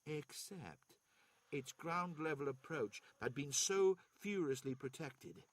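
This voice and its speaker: Norwegian man, second-language reader, steady narration, husky. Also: a little high, slow. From Norway. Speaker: streamer reading aloud. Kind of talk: reading a novel aloud.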